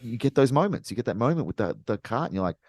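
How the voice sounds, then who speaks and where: A man's voice: medium pitch, big pitch swings, fast, darkish tone, no room sound, studio quality. A man co-hosting a podcast, chatting about films and building long, emphatic arguments. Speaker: podcast co-host. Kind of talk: casual film chat.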